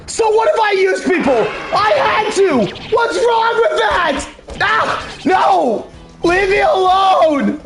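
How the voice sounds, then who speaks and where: A cornered villain ringmaster screams and shrieks in high, wildly swinging panic. He talks slowly, dragging out each desperate cry. Faint game music runs behind him. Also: huge pitch swings, heavily acted.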